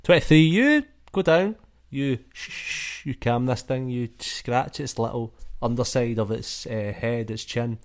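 A man's voice: medium pitch, a little slow. A man narrating and running a tabletop role-playing game in a casual, swearing way with many fillers. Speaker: game master.

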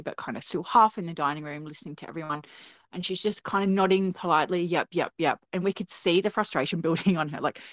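A woman telling a personal story in a casual, animated way, acting out the voices she quotes. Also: lowish voice, no echo. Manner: animated, acts out quoted voices, laughs often. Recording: dull, dry lo-fi recording.

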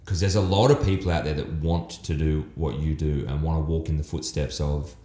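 A man's voice: rumbling low, steady tone, brisk, warm tone, reverberant. An Australian man hosting a podcast, teasing and joking and laughing easily in casual chat. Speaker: podcast host.

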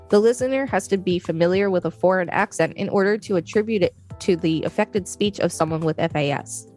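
A woman with a lowish voice co-hosts a podcast and reads a scripted explainer in an even, measured way. Faint music sits under her voice. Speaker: podcast co-host. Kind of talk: reading a scripted explainer in turns.

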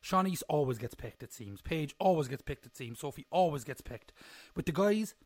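A man's voice: fairly high pitch, lively intonation, a little fast, breathy edge, no echo. Rambling jokey young man. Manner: rambling, jokey, self-mocking. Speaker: podcast host. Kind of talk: casual solo recap chat.

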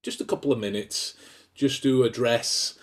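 A man's voice: medium pitch, normal speed. A man co-hosting a podcast in casual comedic chat, jokey and self-mocking, rambling with restarts. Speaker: podcast co-host.

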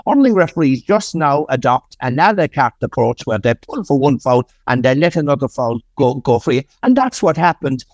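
A man's voice: medium pitch, animated, moderate pace, hardly any pauses, no room sound. A man with an Irish accent giving forthright sports punditry on a podcast, often repeating words as he builds a point. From Ireland.

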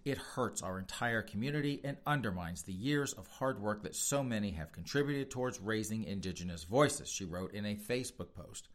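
A man's voice: on the low side, expressive, normal speed, few pauses. A man hosting a podcast of opinion commentary, sarcastic and mocking, often laughing and talking straight to his listeners. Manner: talks straight to listeners as folks. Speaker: podcast host.

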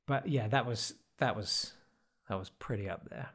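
A man's voice: on the low side, moderate pace, fairly bright tone, slightly rough. Rambling man telling stories. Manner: rambling, self-deprecating, with dry asides. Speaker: podcast guest. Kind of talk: casual interview storytelling.

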